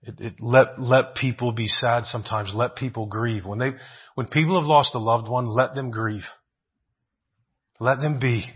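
A man's voice: medium pitch, steady tone, normal speed, slightly rough, dull audio. A man preaching a sermon, asking rhetorical questions, often adding "right?" and repeating phrases for emphasis.

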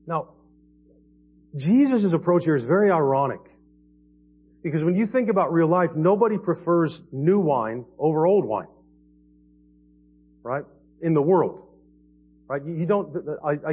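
A man preaching a sermon as pastor, earnest, swinging between quiet and emphatic passages. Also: a little high, husky. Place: church sanctuary. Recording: dull lo-fi church audio.

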